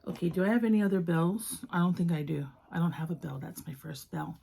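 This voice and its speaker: A woman chatting casually while unboxing toys, soft-spoken and gushing, often dropping to a whisper. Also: fairly low pitch, fast talker, gravelly, slight background noise. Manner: gushing over each toy. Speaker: toy collector vlogger.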